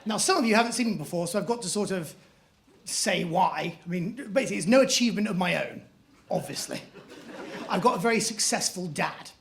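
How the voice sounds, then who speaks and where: A man's voice: sits high, lively intonation, a little fast, gravelly, a bit bright. A man doing a stand-up comedy set on a club stage, telling self-mocking stories in a posh manner. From England. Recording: live club with audience noise.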